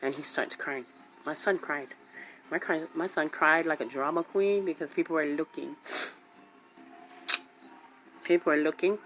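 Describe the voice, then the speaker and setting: A woman with a lowish voice tells a story on her talk show, jumping between quoted voices and repeating lines for emphasis. A faint hiss sits under the recording. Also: a little slow, pauses often. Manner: animated, acts out quotes, repeats herself for emphasis. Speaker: radio show host. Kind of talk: casual storytelling.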